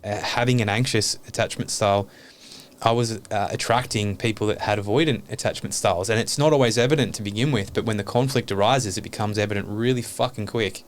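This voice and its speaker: A man's voice: fairly low pitch, fairly quick, a little hiss or hum. A man talking openly and earnestly as a podcast guest, reflecting on his life and swearing casually.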